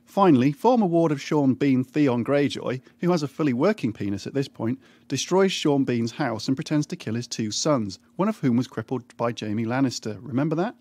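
A man narrates a scripted comic recap. His delivery is dry and deadpan, dropping irreverent asides without pausing. His pitch sits in a plain middle range for a man. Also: dry recording.

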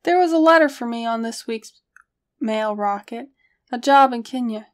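A woman voicing a gruff, drink-sodden has-been male hunter in a story reading, blunt and offhand. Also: on the high side, moderate pace, lightly acted. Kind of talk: audiobook character reading.

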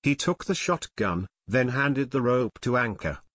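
A male audiobook narrator tells the story in a steady, measured way. His voice sits at mid pitch and is recorded dry and close, with no room sound. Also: slightly rough, no room sound. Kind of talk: scripted narration.

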